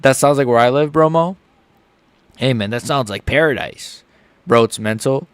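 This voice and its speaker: A man streaming a live fight reaction, excitable and joking, often blurting out swear words. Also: mid-range voice, moderate pace, smooth, no echo.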